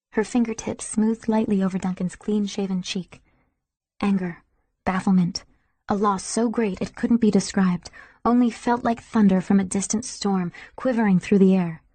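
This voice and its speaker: Soft-spoken woman narrating an audiobook. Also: mid-range voice, no room sound. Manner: soft, intimate, sometimes whispering.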